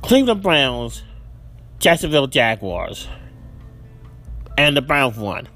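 A man's voice: medium pitch, very animated, slow pace, sharp tone, soft background music. A man hosting a solo football picks podcast, ranting in exasperation and repeating himself. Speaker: podcast host.

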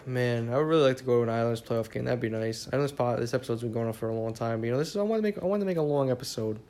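A man's voice: mid-range voice, racing, darkish tone. A tired young man from the New York area hosting a casual solo podcast, rambling with lots of swearing and filler words. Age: young adult. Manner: rambling, profane, many fillers. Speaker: podcast host.

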